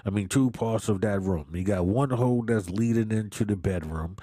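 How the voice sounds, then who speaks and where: A man's voice: lowish voice, normal speed, mellow, no room sound, clean studio sound. A man casually reviewing a movie, with a loose, slangy way of talking, repeating himself and often laughing. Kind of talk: casual chat.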